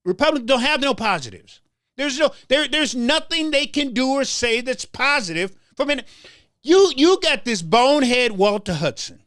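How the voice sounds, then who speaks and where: A man's voice: very high-pitched, big pitch swings, normal speed, a bit bright, no echo, studio quality. A man hosting a political talk show, delivering a heated commentary monologue with stammered restarts and a preacher-like rhythm. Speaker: show host.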